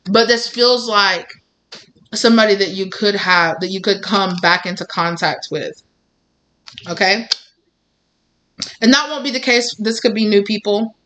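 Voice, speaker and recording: A woman's voice: medium pitch, measured pace, pauses often, fairly bright tone. Rambling woman reading tarot. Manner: rambling, many fillers like "like" and "you know". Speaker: tarot reader. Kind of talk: casual tarot reading to viewers.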